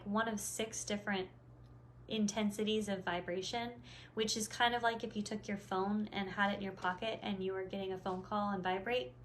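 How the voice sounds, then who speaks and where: Woman dog trainer, casual rambling explainer, mid-pitched voice, faint background noise. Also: a bit bright. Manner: rambling, many fillers and restarts.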